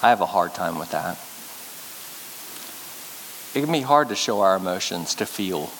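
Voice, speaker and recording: A male pastor giving a sermon, speaking earnestly and getting lively when he tells stories. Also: low-pitched, moderate pace, vocal fry. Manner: earnest storytelling preacher, lively when telling anecdotes. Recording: reverberant hall with faint hiss.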